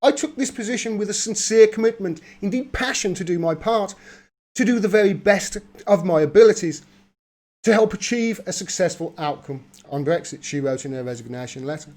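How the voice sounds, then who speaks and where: A man reads political news aloud in a fairly high voice. He keeps stopping to mock what he reads with a laugh and a wry aside. It sounds like a host talking through a livestream. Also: fairly quick, a little mellow. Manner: mocking, laughs often, reads then riffs. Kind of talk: reading news aloud with sarcastic commentary.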